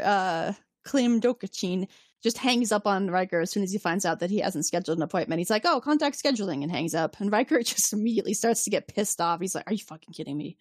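A woman's voice: medium pitch, no echo. Chatty woman recapping with a dry close sound. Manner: animated storyteller, acts out characters' lines, swears casually. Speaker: podcast co-host. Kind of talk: casual recap chat.

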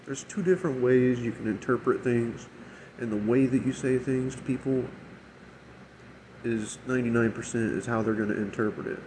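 A man in a casual, profanity-laced rant about a bad night at work. His voice sits at an ordinary middle pitch, and he slips into mocking voices when quoting people. A faint air conditioner hums in the room behind him. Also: a little mellow, a little hiss or hum, rough recording. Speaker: restaurant shift manager.

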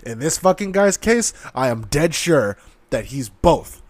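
A man's voice: fairly high pitch, very animated, unhurried, dry recording. A man giving heated, profane ranting commentary in an aggressive, sarcastic manner. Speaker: online commentator.

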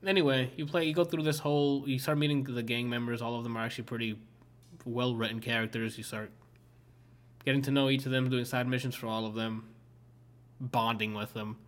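A man's voice: mid-range voice, fairly even intonation, brisk. Rambling, swearing young streamer man. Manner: rambling, swears a lot, many fillers. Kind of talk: casual chat.

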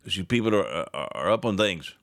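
A man hosting a political talk show, talking in a sarcastic, animated and mocking way. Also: lowish voice, fast, dry recording, studio quality.

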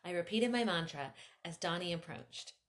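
A woman host narrating her own story in an animated, conversational way. Her fairly low voice moves expressively up and down. She drifts into chatty asides before returning to the tale. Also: normal speed. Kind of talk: first-person storytelling.

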